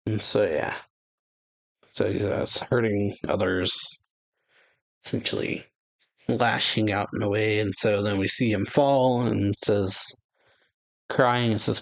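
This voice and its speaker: A man's voice: fairly low pitch, fairly even intonation, slow pace, gravelly, long pauses. A man hosting a casual reaction video, reading comic pages aloud and chatting loosely, laughing often. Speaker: anime reaction youtuber. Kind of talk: casual comic read-through.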